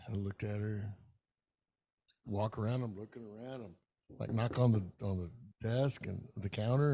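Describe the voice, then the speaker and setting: Gravelly guy, middle-aged, rambling cussing story on a podcast, low mellow tone. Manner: profane, rambling, animated storyteller. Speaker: podcast co-host. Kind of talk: casual storytelling chat.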